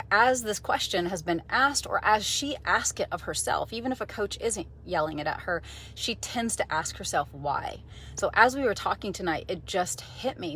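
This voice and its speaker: A woman's voice: on the low side, fairly bright tone, slight background noise. A woman in her forties talking casually to camera from a car, enthusiastic and conversational, with fillers and restarts. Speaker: vlogger, mindset coach. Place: parked car.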